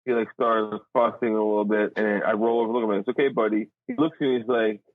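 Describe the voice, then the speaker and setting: A man's voice: fairly low pitch, steady tone, fast talker, dry recording. A man in his thirties co-hosting a casual podcast, joking and teasing. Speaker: podcast co-host. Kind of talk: casual chat. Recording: tinny phone-like dry sound.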